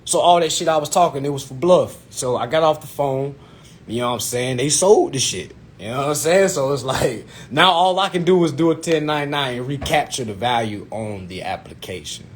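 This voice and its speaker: A young man telling a personal story to his viewers in an animated, profane way, repeatedly asking if they follow him. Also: medium pitch, fairly quick. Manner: animated, profane, addresses viewers as "y'all", keeps asking "you know what I'm saying".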